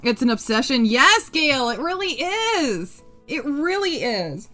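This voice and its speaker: A woman's voice: sits high, sing-song, takes it slowly, bright, forceful tone, soft background music. A woman hosting a live crafting stream, rambling and chatty, humming to herself and swearing freely. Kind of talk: casual chat while crafting on a live stream.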